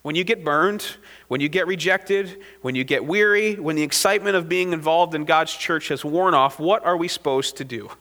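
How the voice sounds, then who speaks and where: A male pastor delivers a sermon in a high, bright voice. He keeps it conversational, checking in with the congregation through quick "right?" asides. The sound rings out in a long church hall reverb.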